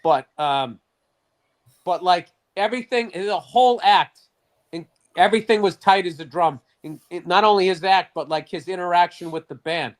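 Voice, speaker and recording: A man's voice: high voice, moderate pace. A middle-aged man co-hosting a podcast, telling stories in casual, profane sports chat. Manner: profane, animated storyteller. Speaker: podcast co-host.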